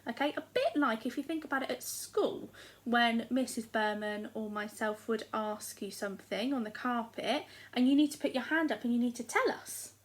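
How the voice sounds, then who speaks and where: A young woman with an English accent, a primary school teacher giving a recorded lesson in a slow, clear, encouraging way to small children. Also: on the high side, low-quality recording.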